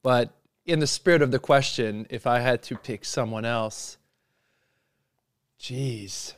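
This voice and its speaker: A man's voice: medium pitch, slow pace, clean tone, no room sound, clean studio sound. A man being interviewed, speaking in an earnest, reflective way. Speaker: guest, endurance athlete. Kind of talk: casual interview answers.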